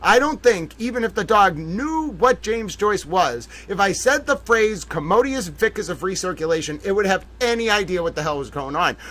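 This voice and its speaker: A man hosting a livestream in casual chat, playfully theatrical, addressing his audience as ladies and gentlemen with drawn-out exclamations. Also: high-pitched, very animated. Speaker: livestream host.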